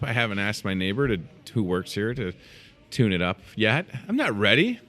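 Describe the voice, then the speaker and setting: A man in his thirties hosting a live morning show from inside a grocery store, chatty and excitable with joking asides. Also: on the low side, normal speed. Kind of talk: casual live show chat.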